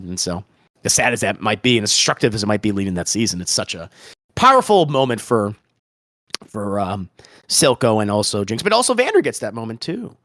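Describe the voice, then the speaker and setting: Bright-voiced excitable male podcast host. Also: on the low side, fairly quick, no echo, clean studio sound. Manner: excitable, swears, retells scenes with many restarts. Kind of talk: casual podcast review chat.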